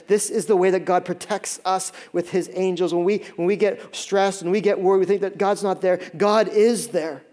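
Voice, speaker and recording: A man in his thirties delivers a sermon in a high voice. He tells stories animatedly, jumping into little acted-out voices, with many fillers and restarts. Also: fairly even intonation, normal speed, hardly any pauses, darkish tone. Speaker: pastor.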